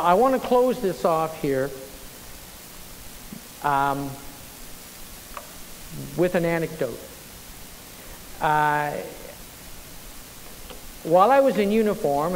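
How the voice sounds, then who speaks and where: A middle-aged man preaching a sermon, telling a personal story with lively, stop-and-start phrasing. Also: a little high. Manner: animated storyteller, frequent restarts. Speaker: pastor. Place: church sanctuary. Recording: long church reverb, faint hiss.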